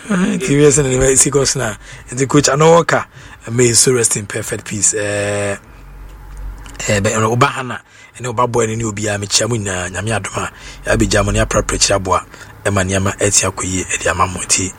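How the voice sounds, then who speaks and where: A man's voice: lowish voice, fairly quick, a little hiss or hum. A Ghanaian man, a radio presenter, reading out announcements and a tribute in a chatty way, stumbling over names and repeating them.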